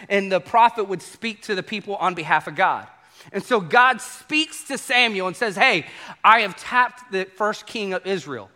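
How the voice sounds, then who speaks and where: High, bright, animated preaching man. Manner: animated preaching, acts out quoted voices, addresses congregation. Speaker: pastor. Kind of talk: sermon.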